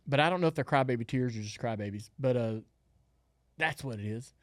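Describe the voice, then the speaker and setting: Man in his fifties, podcast co-host, animated storyteller, dry close mic. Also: mid-range voice, fairly quick, no echo. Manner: animated storyteller, laughs often. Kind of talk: casual storytelling chat.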